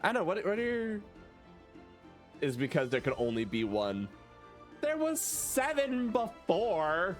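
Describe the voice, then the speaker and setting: A man's voice: high-pitched, wildly swooping pitch, slow pace, long pauses, soft background music. A man streaming a video game, chatting casually, swearing and laughing as he talks. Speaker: gaming streamer. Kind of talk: casual let's-play chat.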